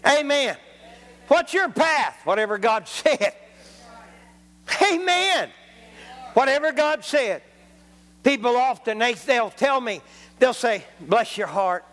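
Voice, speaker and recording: A man's voice: extremely high pitch, expressive, unhurried, a bit bright, in a large hall. A man preaching a folksy, joking sermon in a church, dropping frequent amens. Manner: folksy, jokey, punctuated with amens. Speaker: traveling preacher.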